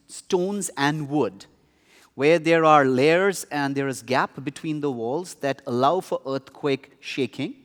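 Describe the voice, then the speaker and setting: A man from India speaks as a panellist with a fairly high voice. He tells stories in a measured, reflective way. His voice rings out in a large hall with a long echo. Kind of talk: conference talk. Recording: reverberant hall.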